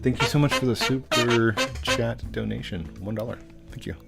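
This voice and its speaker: A middle-aged game streamer with a gravelly, mid-range voice runs a casual live stream at a moderate pace. He reads viewer questions aloud in a chatty, goofy manner, tripping over usernames as faint guitar music plays behind him.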